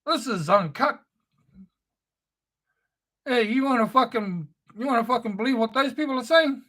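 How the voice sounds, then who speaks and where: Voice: mid-range voice, expressive, moderate pace, fairly bright tone. A speaker delivering an angry, profane, sneering spoken-word rant.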